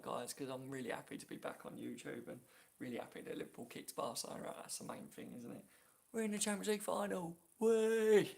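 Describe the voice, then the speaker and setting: Male stream host, chatty and laughing, gravelly edge, phone mic, reads chat out loud. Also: medium pitch. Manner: chatty, reads viewer comments aloud, laughs often. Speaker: YouTube live-stream host. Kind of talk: casual live-stream chat.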